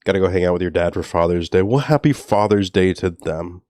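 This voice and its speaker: On a casual stream, a man from New Orleans, Louisiana rambles through stories and laughs often. His deep, dark-toned voice moves fairly quickly, recorded with clean studio sound and no echo.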